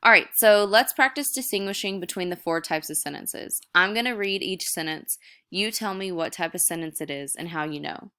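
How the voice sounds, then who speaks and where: A woman's voice: lowish voice, moderate pace, bright, forceful tone, clean tone. A young woman teacher recording a video lesson, explaining step by step in a casual way.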